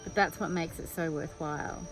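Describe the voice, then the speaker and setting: A woman's voice: low-pitched, steady tone, a little fast, low-quality recording. Vlogger, woman, chatty and candid, music and crickets underneath. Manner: chatty and open, thinking aloud. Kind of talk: candid personal vlog.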